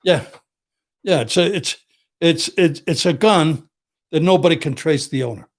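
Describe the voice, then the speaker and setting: An older defense attorney with a rough, gravelly voice sitting slightly higher than most men's. He tells blunt, profane stories in a tough-guy manner, acting out what people said to him. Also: moderate pace. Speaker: criminal defense attorney, guest. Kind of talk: casual storytelling.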